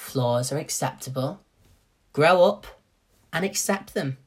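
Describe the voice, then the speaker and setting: Young guy rambling on his own podcast, kinda husky and breathy, swears a lot, keeps doing little voices for his mates. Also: on the high side, slow pace. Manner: animated, swears freely, acts out friends' voices. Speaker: podcast host. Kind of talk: casual solo podcast talk.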